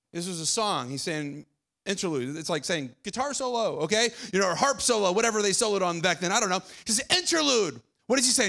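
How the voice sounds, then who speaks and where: A young man preaching a sermon as pastor, conversational, repeating phrases and dropping quiet for emphasis. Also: high-pitched, creaky. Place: church auditorium.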